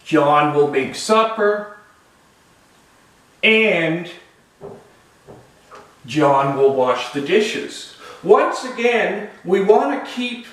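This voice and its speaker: A man teaching a logic lesson, talking through examples slowly and deliberately. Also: sits high. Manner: slow, deliberate, lively rising and falling intonation. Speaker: logic instructor. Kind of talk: recorded lecture. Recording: echoey room, voice far from mic.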